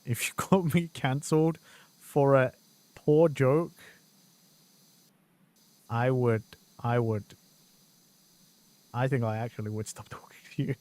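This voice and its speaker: A man streaming a game and commenting as he plays, excitable and quick to swear and burst into exclamations. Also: medium pitch. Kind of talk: gameplay commentary.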